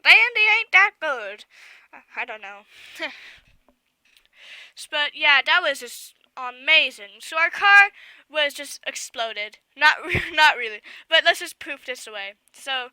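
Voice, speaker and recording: Brief: woman vlogger, very bright and high voice, rambling storyteller, dry close sound. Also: dry recording. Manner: rambling, excitable, lots of fillers and asides. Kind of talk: casual storytelling to camera.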